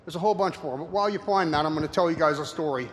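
A presenter gives a casual slide talk full of anecdotes to an audience, his slightly high voice rambling and halting with many fillers. The reverberant hall carries faint noise.

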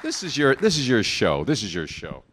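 A man's voice: medium pitch, moderate pace, background noise. A man, a voice actor, telling anecdotes to a crowd at a convention in a large hall, laughing as he goes. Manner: animated storyteller who laughs and slips into voices. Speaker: voice actor giving a talk.

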